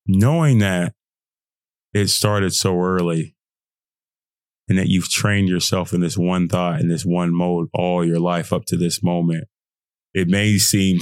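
Man hosting motivational podcast, low voice, dry close sound, slangy, animated, laughs a lot. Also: no room sound. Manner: animated, swings into high mocking voices when quoting; casual slangy talk, laughs often. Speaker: podcast host. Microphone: podcast setup.

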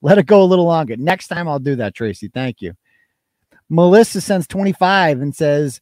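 Male live-stream host, casual and crude, animated pitch, dry sound. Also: normal speed, no room sound. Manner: loose, joking, crude asides. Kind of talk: casual live-stream chat reading donations.

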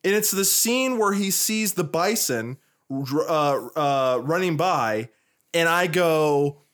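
A man's voice: fairly high pitch, animated, slow pace, a bit bright. A man co-hosting a podcast, telling stories in a rambling, casual way and swearing freely. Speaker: podcast co-host.

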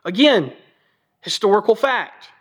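A man's voice: high voice, lively intonation, measured pace, fairly bright tone, husky. A man giving a Bible teaching sermon in a conversational, joking way, hammering points home by repeating them. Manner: emphatic repetition.

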